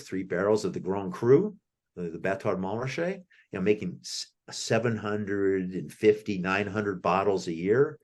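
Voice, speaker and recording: A man's voice: lowish voice, darkish tone. An American man as the author guest in an interview, telling rambling anecdotes with many restarts. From United States. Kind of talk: conversational interview.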